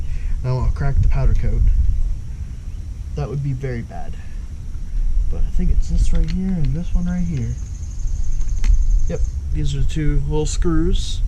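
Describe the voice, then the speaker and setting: A man's voice: mid-range voice, noisy background. A man chatting to his viewers while he works on his scooter outdoors, thinking aloud and poking fun at himself. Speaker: motorbike build vlogger. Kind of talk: casual talk while working on a scooter. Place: outdoors in hot weather.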